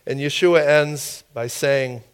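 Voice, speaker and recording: A man's voice: fairly high pitch, slow pace, smooth. A man preaching a sermon in an informal, conversational way, with asides and questions to the congregation.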